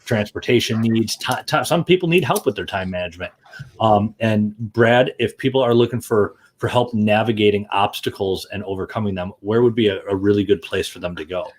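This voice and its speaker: A man's voice: on the low side, a little fast. A man hosting a casual livestream chat, joking and often repeating words as he restarts. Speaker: show host.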